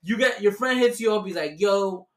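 Profane, animated male podcast host. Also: sits high, fairly quick, crowd noise. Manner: profane, animated storytelling with acted-out voices. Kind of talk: casual storytelling rant.

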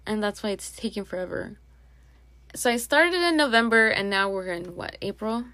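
A woman's voice: mid-range voice, animated, moderate pace, sharp tone, dry recording. A young woman hosting a casual solo podcast, rambling and chatty with plenty of asides. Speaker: podcast host.

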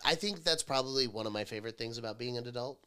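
A man hosting a casual podcast chat, animated and jokey, swearing casually. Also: mid-range voice, fast talker, smooth.

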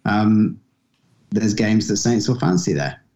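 A young man chats as podcast co-host, hesitant and full of fillers, laughing at himself. His voice is low and mellow. The audio is dull and lo-fi, as if from a laptop call. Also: expressive, slow pace. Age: young adult. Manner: hesitant, many fillers and restarts, self-deprecating. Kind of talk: casual chat. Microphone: laptop video call.

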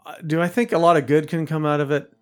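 A man's voice: fairly high pitch, little pitch movement, fast, clean tone. A man who is a guest on a podcast, answering hesitantly and hedging. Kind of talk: casual chat.

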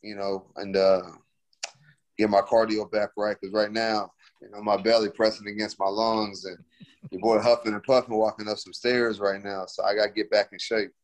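A man's voice: lowish voice, little pitch movement, moderate pace. A young man, a fighter, answering interview questions in a laid-back, slangy way full of fillers.

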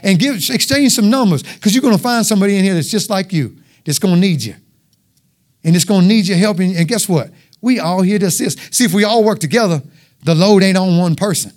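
A man's voice: high voice, animated, a little fast, a little mellow. A man preaching an informal, joking sermon with call-and-response.

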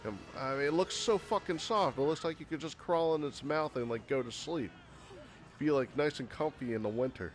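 A man's voice: a little high, normal speed, soft background music. A man giving a casual spoken movie critique, sarcastic and rambling, with frequent swearing. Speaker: movie reviewer.

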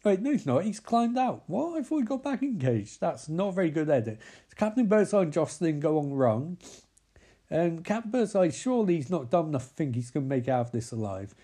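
A man's voice: fairly high pitch, big pitch swings, a little fast, warm tone. A young man recapping a film with sarcastic, rambling, sweary commentary. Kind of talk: comedic movie recap.

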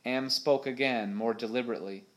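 A man narrating a storybook adventure in a steady, measured voice at an average pitch. The reading is calm and even, keeping the action clear. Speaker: audiobook narrator.

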